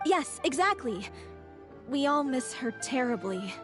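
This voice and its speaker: An earnest troupe actress. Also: female voice, sits high, very animated, unhurried, over music. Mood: sad. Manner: earnest and heartfelt. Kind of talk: video game voice acting.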